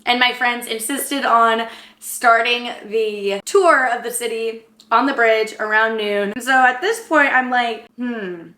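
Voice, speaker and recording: A young woman with a bright, forceful voice, fairly high-pitched, tells a story to camera in a rambling, excitable rush full of fillers. She sounds emotional, close to tears. The room is echoey. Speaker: vlogger.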